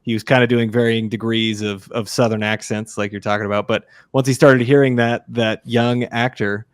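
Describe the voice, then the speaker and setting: A man co-hosting a podcast, enthusiastic about a film and quick to agree with his co-host. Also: medium pitch, little pitch movement, clear, resonant tone, no echo, clean studio sound. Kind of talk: casual film discussion.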